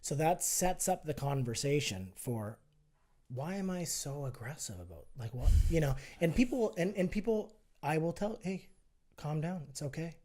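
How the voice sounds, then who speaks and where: A man's voice: a little high, very animated, normal speed, mellow. A man guesting on a podcast, talking persuasively and acting out both sides of an argument in casual conversation. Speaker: guest, health and fitness entrepreneur.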